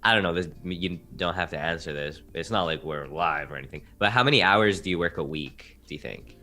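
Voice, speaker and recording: A man's voice: low-pitched, fairly quick, sharp tone, soft background music. A young man appearing as a guest on a casual podcast, talking in a loose, rambling, slangy way. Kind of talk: casual chat.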